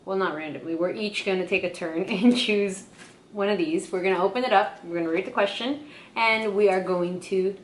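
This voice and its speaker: A woman's voice: medium pitch, moderate pace, a little hiss or hum. Sister co-host, young woman under the weather, rambling storyteller, roomy echo. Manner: chatty storyteller, lots of "like" and "okay?". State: sick. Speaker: vlog co-host. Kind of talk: casual chat.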